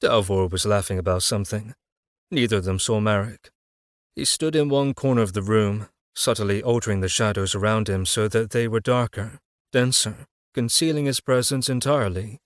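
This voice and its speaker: A man narrating a dark fantasy audiobook in a measured, dramatic reading. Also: on the low side, no room sound, clean studio sound.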